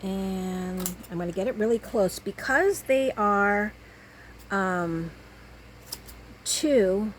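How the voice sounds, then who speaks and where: A woman's voice: mid-range voice, very slow, long pauses, a little hiss or hum, low-quality recording. A woman making a craft video, chatting casually to herself and the viewer as she cuts and glues. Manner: chatty, talks to herself while working. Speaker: crafting vlogger.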